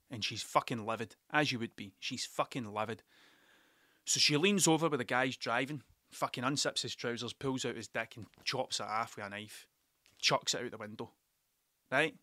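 A man's voice: medium pitch, bright, forceful tone, dry recording, clean studio sound. A man hosting a podcast, telling stories in a rambling, sweary style and laughing along. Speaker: podcast host. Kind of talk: casual storytelling monologue.

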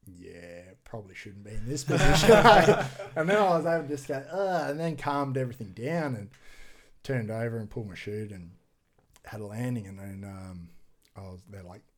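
This podcast guest, an extreme sports athlete, talks at a normal speed with a mid-range voice. He tells his story in an animated, casual way, swearing freely and acting out the lines he quotes.

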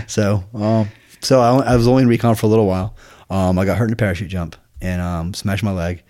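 A middle-aged man from Scotland with a Scottish accent, telling stories from his life in a casual interview, halting and full of restarts. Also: fairly even intonation. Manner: halting, many restarts, low and quiet asides. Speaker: podcast guest.

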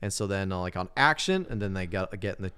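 A man retells a movie scene by scene in casual podcast chat. His pitch swings widely, and his voice stays smooth and clear. He keeps breaking into high, exaggerated voices for the characters. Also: lively intonation, quick pace, bright, forceful tone. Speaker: podcast co-host.

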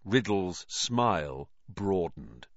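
A man's voice: deep voice, sing-song, slow pace, no room sound, dull audio. A man narrating a fantasy storybook expressively and dramatically. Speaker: audiobook reader.

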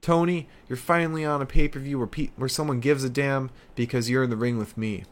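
A man voicing a brash, boastful female wrestler who taunts a crowd, speaking high and mocking. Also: fairly even intonation, a little fast, natural voice. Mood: taunting.

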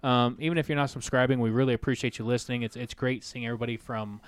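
A man's voice: mid-range voice, fairly even intonation, fast talker, clean tone, no echo. Joking Oklahoma drawl co-host man. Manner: joking, crude, easygoing. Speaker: podcast co-host. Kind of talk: casual podcast banter.

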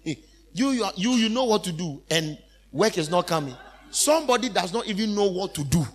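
A male minister preaching a sermon in an emphatic, repetitive style with sudden loud outbursts. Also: sits high, lively intonation, fairly quick.

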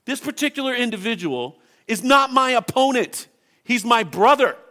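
A man's voice: very high-pitched, very animated, moderate pace, pushed and bright. A man preaching a sermon as pastor, impassioned and emphatic, reading scripture and pressing his points.

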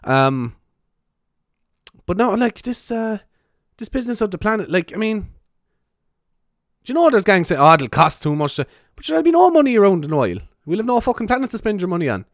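This young Cork Irishman has a high, sing-song voice and speaks fairly quickly, though he leaves long pauses. Chatting casually to camera as a vlogger, he wanders off topic, swears a lot and laughs at his own expense, all captured in a dry, clean studio recording.

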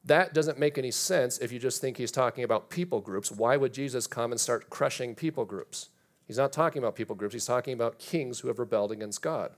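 Male pastor, animated sermon, scripture readings, rhetorical questions, mid-pitched voice. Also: a little fast, faint music behind.

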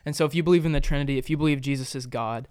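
A man's voice: mid-range voice, rapid-fire, darkish tone, clear, resonant tone, no room sound, clean studio sound. A man co-hosting a casual podcast, earnestly explaining a Bible passage with frequent fillers and restarts. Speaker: podcast co-host.

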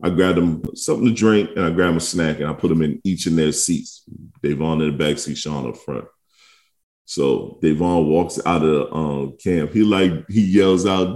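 A man in his thirties co-hosting a podcast in relaxed casual chat, laughing often and telling stories about his kids. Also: low voice, normal speed. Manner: laid-back, laughs often, tells stories with kid voices. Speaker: podcast co-host.

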